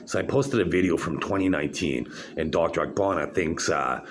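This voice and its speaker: A very deep-voiced man vlogging from his own space, his words coming in fits and starts with lots of uh's and doubled-back phrases. He sounds aggrieved and keeps circling back to his point. A faint hiss sits under the voice. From Canada. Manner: aggrieved, halting, many fillers and restarts. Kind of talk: rambling monologue to camera.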